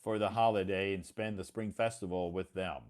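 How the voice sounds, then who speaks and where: An American man speaks in a very deep voice. He hosts a casual, friendly chat, slowing down and repeating things back so the other person can follow. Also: steady tone, darkish tone. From United States. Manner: friendly, slow and encouraging, repeats to clarify. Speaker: host.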